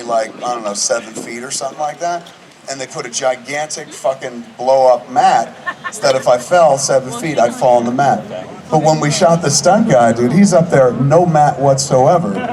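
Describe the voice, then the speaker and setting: A man in his forties telling rambling, profane anecdotes to a live screening audience. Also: mid-range voice. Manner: rambling, profane, animated storyteller. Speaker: filmmaker guest at a screening Q&A. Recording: distant mic with audience noise.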